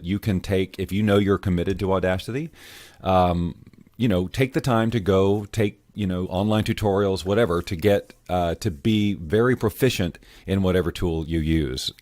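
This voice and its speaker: A man walking viewers through audio editing software in a relaxed, rambling tutorial style, wearing headphones at his mic. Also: deep voice, dry recording, clean studio sound. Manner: relaxed, rambling explanations with fillers. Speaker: voiceover tutorial host. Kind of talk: casual screen-recorded software tutorial. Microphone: headphones on, studio-style mic.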